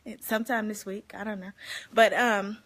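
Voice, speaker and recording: A woman vlogging casually to her viewers, giving life advice in an animated, chatty way and laughing often. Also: mid-range voice, normal speed. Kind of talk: casual talk to camera.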